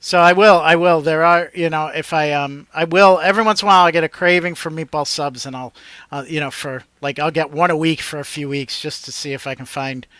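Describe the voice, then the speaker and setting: This is a man from Connecticut co-hosting a casual podcast, and his voice is a little high and ringing. It sounds crisp and dry, like it was close-miked in a damped room. He tells his stories with enthusiasm and lets his lines trail away softly. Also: fairly even intonation, brisk, no room sound. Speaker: podcast co-host. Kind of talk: casual chat.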